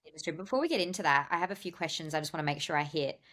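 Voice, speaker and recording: A woman's voice: sits low, expressive, rapid-fire, a bit bright. A woman hosting a casual interview, asking long, rambling questions full of fillers. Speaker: interviewer, channel host. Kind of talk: conversational interview.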